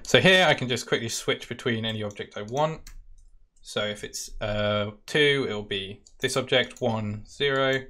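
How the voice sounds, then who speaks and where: A man with a British accent, casually talking through a software demo step by step in a live-stream Q&A. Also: medium pitch, unhurried. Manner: casual, talks through steps while clicking. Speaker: product specialist demoing software.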